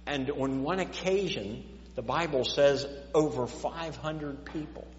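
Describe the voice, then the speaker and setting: A man's voice: fairly high pitch, measured pace, slight background noise. A man preaching a sermon in a church, repeating words as he stammers and rising and falling in volume. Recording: echoey dull church hall recording.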